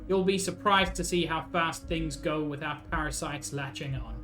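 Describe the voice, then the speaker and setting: Man doing a smug scheming union boss, slow persuasive put-on accent, lower than his own voice. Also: sharp tone, faint music behind. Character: scheming jovial middle-aged male union boss.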